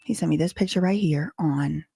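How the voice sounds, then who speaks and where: A woman's voice: low voice, normal speed, creaky, background noise. Emphatic woman addressing viewers. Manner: emphatic, repeats points. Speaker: drama commentary youtuber.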